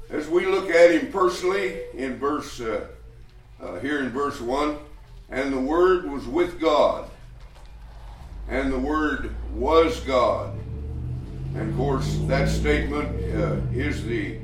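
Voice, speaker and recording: A man preaching a sermon, teaching a Bible passage in a folksy, rambling way with restarts and chuckles. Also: mid-range voice. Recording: echoey room, voice from a distance.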